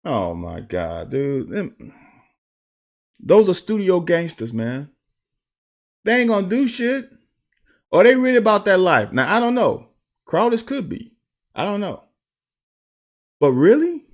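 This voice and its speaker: A young man, a former player, casually breaking down game film and telling profane, animated stories with quick laughs. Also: high-pitched. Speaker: football analyst.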